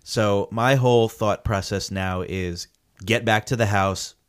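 A man's voice: on the low side, measured pace, smooth. A man telling a story in casual chat, acting out the quotes and swearing freely. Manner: animated storytelling with acted-out quotes.

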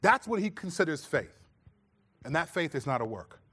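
Animated man preaching with twang. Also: on the high side, normal speed, husky. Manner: animated storytelling, acts out his own scolding voice. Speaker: pastor. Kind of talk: sermon.

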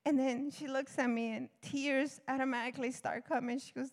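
A woman's voice: high-pitched, steady tone, normal speed, few pauses. A woman missionary giving an earnest testimony sermon, laughing often and acting out dialogue. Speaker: missionary speaker. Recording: long hall reverb.

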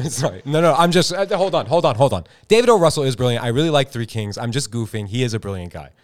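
A man's voice: medium pitch, animated, fast. A man co-hosting a loose podcast conversation, his voice swinging up and down as he clowns around. He curses freely, acts out what he would say in little scenes, and keeps the tone playful. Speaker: podcast co-host. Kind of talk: casual chat.

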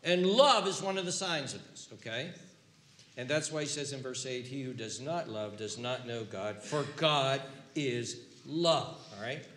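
A man's voice: medium pitch, moderate pace, a bit bright. An older man preaching a sermon as pastor, repeating words as he restarts and building to emphatic peaks. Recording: roomy echo with faint ambience.

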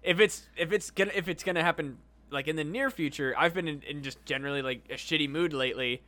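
Bright-voiced rambling comedy co-host. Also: male voice, a little high, fast talker. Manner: profane, rambling, restarts a lot. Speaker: podcast co-host. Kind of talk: casual comedy podcast banter.

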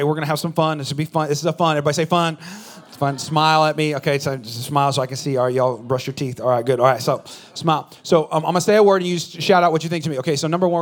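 A man from California preaching as pastor, joking in a loose conversational way and drawing answers from the congregation in church. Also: a little high. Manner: joking, talks back and forth with the congregation. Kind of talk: casual conversational sermon.

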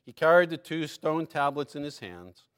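A man preaching a sermon, reading scripture aloud with lively emphasis and breaking into asides and small laughs. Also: fairly high pitch, normal speed, smooth.

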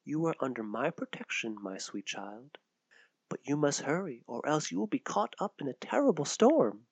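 A mysterious hooded woman of the forest, as a male storyteller puts her on, gentle and protective, speaking in a light, lilting, near-whispered hush. Her voice stays soft and quiet, with a raised, lively lift to the pitch. It is a dry, close storybook reading with no room sound. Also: moderate pace, no echo. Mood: soothing.

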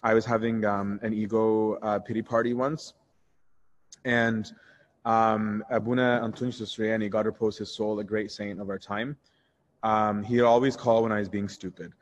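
A priest teaching a Bible study in a candid, conversational way, answering questions and telling personal stories. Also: male voice, lowish voice, moderate pace, highs cut off. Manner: candid and conversational, shifts into animated retelling.

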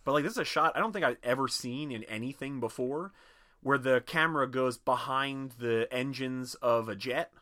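A man co-hosting a casual movie podcast, talking in an animated way, swearing freely and acting out little quotes. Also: mid-range voice, moderate pace. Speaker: podcast co-host.

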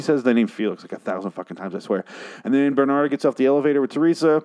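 A man's voice: medium pitch, lively intonation, quick pace, darkish tone. A man casually recapping a TV episode, rambling and swearing, mocking himself as he goes. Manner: profane, rambling, self-mocking. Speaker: show recapper.

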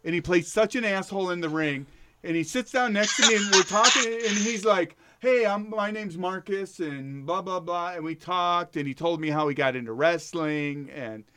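A man's voice: high voice, normal speed, pushed and bright, slight background noise. A man on a podcast, rambling through a casual anecdote, stumbling and swearing as he goes. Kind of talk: casual chat.

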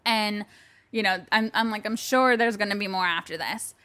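Animated woman telling a story. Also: medium pitch, moderate pace, dry recording. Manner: animated storytelling, acts out both sides of a phone call. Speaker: podcast co-host. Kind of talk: casual chat. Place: bedroom.

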